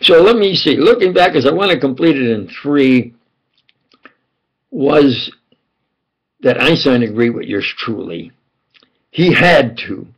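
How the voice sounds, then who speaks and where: An older man telling a rambling first-person account, often acting out dialogue and dropping into low mutters. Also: expressive, a little slow, pauses often, slightly rough, lo-fi sound. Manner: digressive, quotes others in dialogue, drops to low mutters. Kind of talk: rambling conspiracy monologue.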